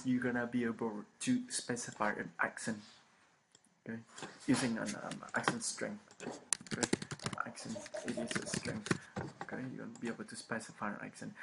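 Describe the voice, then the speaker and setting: A man with explains programming in a gravelly, monotone voice. He stumbles, repeats phrases and fills pauses with ums. The recording has steady background noise. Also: medium pitch. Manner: halting, many ums, repeats phrases with frequent okays. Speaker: programming instructor. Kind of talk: screen-recorded coding lecture. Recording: noisy home recording.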